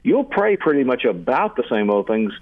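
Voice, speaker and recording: A man's voice: mid-range voice, very animated, moderate pace, dry recording. An older man, a seminary teacher, explaining prayer earnestly in a radio interview and often repeating words as he starts a sentence. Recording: narrow phone-like radio sound.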